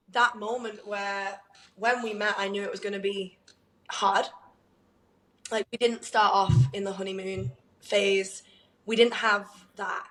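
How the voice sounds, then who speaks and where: A woman co-hosting a podcast, telling a candid personal story in an animated way, laughing often and using lots of "like.". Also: medium pitch, roomy sound, poor audio. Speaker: podcast co-host.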